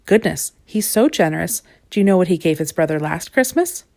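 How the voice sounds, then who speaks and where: Woman, storybook reading, fairly low voice, expressive, gentle. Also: fairly quick, gravelly. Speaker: storybook reader. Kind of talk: reading a children's picture book aloud.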